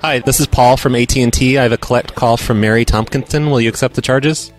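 A man posing as a phone operator in a prank call, calmly provoking the caller. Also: medium pitch, fast talker, soft background music. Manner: deadpan, provoking.

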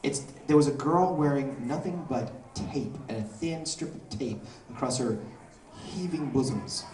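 A man in his forties, a voice actor guest telling jokey, animated stories at a convention panel Q&A. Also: mid-range voice, measured pace, background noise. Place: large convention panel room. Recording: echoey hall from far off with crowd. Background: audience laughing and murmuring.

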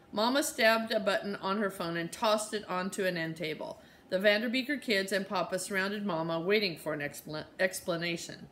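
A woman who reads a children's novel aloud in a relaxed, conversational way, after recapping the last chapter with many fillers. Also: mid-range voice, normal speed, hardly any pauses, a little hiss or hum.

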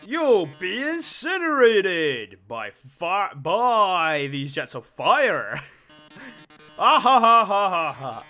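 A man's voice: high-pitched, pushed and bright, heavily acted. Man putting on a theatrical robot show host. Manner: melodramatic, drawn-out sarcastic delivery.

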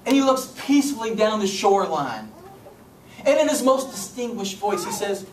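A male pastor from Kentucky preaching a sermon, dramatic, dropping to soft low tones and rising again. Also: very animated, fairly quick. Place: church sanctuary. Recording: echoey church room, distant mic, faint noise.

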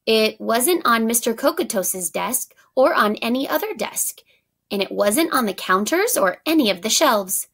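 A woman reading aloud and voicing a young schoolgirl who is shy but growing confident, in a gentle, soft-spoken way. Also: on the high side, very animated, a little slow, full character voice. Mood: earnest.

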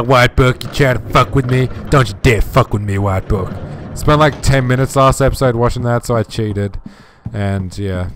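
A man's voice: mid-range voice, clear, resonant tone. A man hosting a horror game playthrough, joking and swearing as he talks to objects in the game. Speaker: let's play host.

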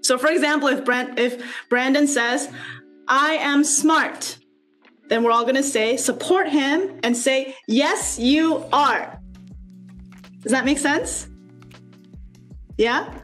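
Slow, coaxing high-voiced woman. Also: fairly bright tone, soft background music. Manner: slow, coaxing, asks many questions. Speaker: speaker leading a student workshop. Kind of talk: encouraging group facilitation over video call. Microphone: video call.

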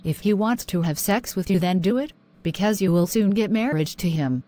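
A woman's voice: medium pitch, expressive, normal speed, dark tone, lightly acted. A woman voicing a scheming young woman who is secretly evil and posing as a friend, coaxing and persuasive in an amateur animation.

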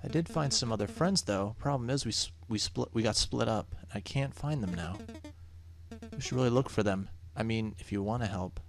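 A man's voice: on the low side, moderate pace, gravelly. A man voicing a nervous lost boy who stammers and keeps apologizing, with game music playing underneath.

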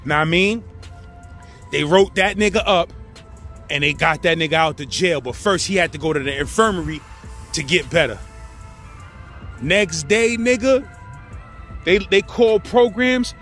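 Give me a New York man telling street stories in an animated, high voice. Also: a little slow, long pauses, soft background music. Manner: animated, slangy, acts out the people in his story. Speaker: storyteller host. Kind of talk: casual prison storytelling.

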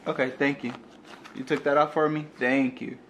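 A young father unboxing a product for his vlog talks to viewers at a moderate pace, his medium-pitched voice level in tone even as he stays hyped and playful. The phone camera, placed at a distance, captures roomy sound and faint ambience over a noisy background.

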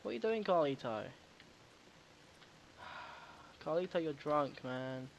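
Chatty young gamer man, slightly high voice. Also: animated, slow, gravelly, a little hiss or hum, rough recording. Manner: chatty, jokey, swears, talks to game characters. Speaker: gaming video host. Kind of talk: casual gameplay commentary. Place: home recording setup.

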